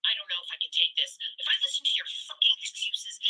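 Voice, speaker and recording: A woman's voice: lowish voice, wildly swooping pitch, fast, pushed and bright, husky. A woman leaving a furious voicemail, swearing and mockingly quoting the listener over a tinny phone line. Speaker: voicemail caller. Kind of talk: angry voicemail rant.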